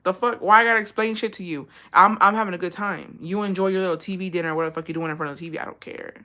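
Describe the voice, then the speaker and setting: Lady vlogging advice, bright voice, cussing a lot, super blunt. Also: fairly low pitch, very fast. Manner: blunt, profane, animated storytelling. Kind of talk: casual advice chat.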